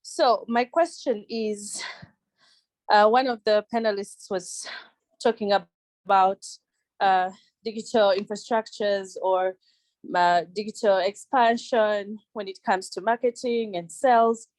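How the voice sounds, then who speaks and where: A woman's voice: medium pitch, fairly even intonation, unhurried, a little mellow, no room sound, low-quality recording. A young woman asking a question on a video call, earnest and searching for her words. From Uganda. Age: young adult. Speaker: audience member asking a question.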